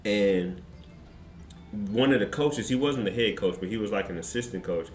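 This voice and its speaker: Animated low-voiced man telling a story. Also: moderate pace, soft background music. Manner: animated, slangy, excitable retelling. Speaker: streamer. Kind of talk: casual storytelling on a live stream. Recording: roomy with faint background noise.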